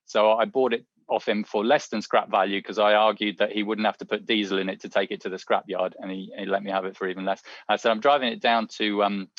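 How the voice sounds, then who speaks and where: A man's voice: fairly low pitch, little pitch movement, fast talker, hardly any pauses, dry recording, dull audio. Chatty man on a webinar. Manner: chatty, anecdotal, many fillers and restarts. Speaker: webinar speaker. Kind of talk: presentation talk with slides.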